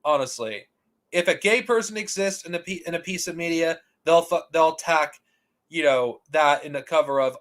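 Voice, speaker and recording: A man's voice: fairly high pitch, normal speed, a bit bright. A man hosting a commentary channel, delivering a heated, profane rant with frequent restarts and repeated rhetorical questions. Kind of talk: ranting commentary.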